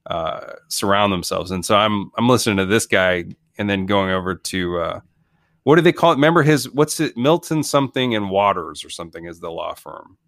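Podcast co-host, male, lowish voice, loose rambling comic delivery, dry studio sound. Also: lively intonation, a little fast, a bit bright, no echo. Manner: rambling, jokey, many restarts. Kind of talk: casual comedic movie chat.

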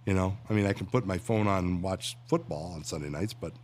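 A man's voice: low-pitched, brisk, a little mellow. A man who works in radio and voiceovers, a guest chatting casually and telling jokes with acted voices. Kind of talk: casual chat and joke-telling.

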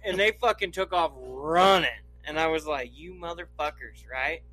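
This man has a high, bright voice, and he tells a long story in a loose, chatty way. He swears constantly and keeps breaking into laughter. His manner is relaxed and casual. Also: normal speed, low-quality recording. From Idaho, US. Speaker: podcast storyteller. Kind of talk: casual anecdote telling.

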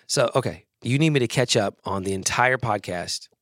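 A man's voice: medium pitch, moderate pace, a bit bright, no echo, clean studio sound. A middle-aged man with a Southern US accent, a podcast guest chatting casually and rambling in a self-deprecating way. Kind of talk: casual chat.

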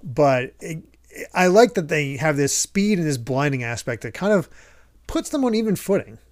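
A man's voice: fairly high pitch, moderate pace, no echo. Upbeat man hosting a dry-sounding podcast. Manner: laughing, animated recapping. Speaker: podcast host. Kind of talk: casual chat.

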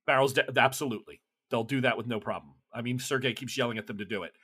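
A man's voice: mid-range voice, fast talker, few pauses, a bit bright, husky. A man narrating a tabletop game as game master, loose and chatty with many restarts.

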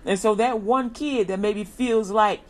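A woman's voice: mid-range voice, unhurried. A woman preaching an informal inspirational sermon, talking colloquially and repeating an upbeat slogan again and again. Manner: colloquial, repeats a slogan, acts out lively quoted greetings.

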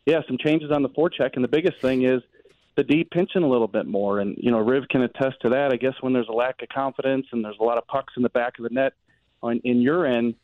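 A tired man talks quickly and a bit scattered, joking at his own expense while chatting with radio hosts. His voice comes in over a thin, tinny phone line with a dry, close sound. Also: mid-range voice, fairly even intonation, no room sound. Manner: joking, self-deprecating, rambling. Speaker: sports reporter guest. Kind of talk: casual radio chat.

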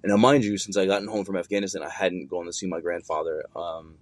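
A man's voice: sits low, flat delivery, fast talker, no room sound. A young adult man casually telling a long personal story, rambling and swearing with many fillers and restarts.

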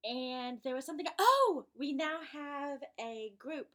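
A woman's voice: sits high, lively intonation, unhurried, fairly bright tone. A woman co-hosting a podcast, casually chatting and teasingly correcting her co-host.

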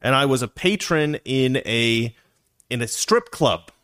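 Animated, rambling male storyteller. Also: mid-range voice, a little slow. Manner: rambling, animated, with many restarts and asides. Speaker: vlog host telling a personal story. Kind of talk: casual storytelling.

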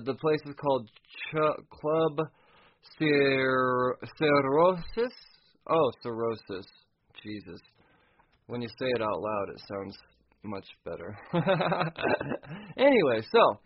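Man, casual comic recap, profane, laughs along, mid pitch, dull lo-fi recording. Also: sing-song, measured pace, husky. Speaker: comic book reviewer.

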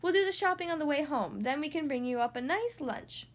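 A woman's voice: sits high, expressive, a little fast, pitched above the performer's own voice. A woman voicing a cheerful, bossy father who takes charge of his children in a storybook reading. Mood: jolly. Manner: jolly, commanding.

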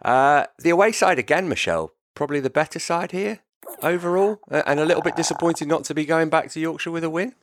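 A man's voice: on the high side, fast, no room sound. A man presenting a football show, reading links and putting questions to his pundits. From half Welsh. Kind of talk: scripted sports presenting.

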